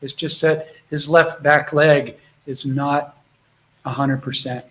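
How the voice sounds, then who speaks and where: Soft-spoken man on a live stream. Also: fairly high pitch, steady tone, slow pace, poor audio. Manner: affectionate, rambling, talks softly to his dog. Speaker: host of a live spiritual Q&A call. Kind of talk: casual live-stream chat. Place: home.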